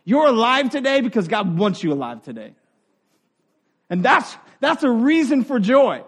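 A middle-aged man preaching a sermon in an earnest, conversational way, dropping to quiet asides and rising for emphasis. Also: high voice, big pitch swings, moderate pace. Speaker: pastor.

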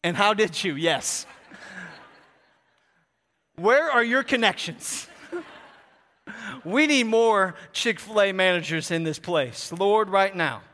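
A man preaching a sermon, swinging from hushed to loud and emphatic, joking with the congregation. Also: high-pitched, animated, a little slow, few pauses. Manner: jokes with the congregation. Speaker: pastor. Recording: long hall reverb.

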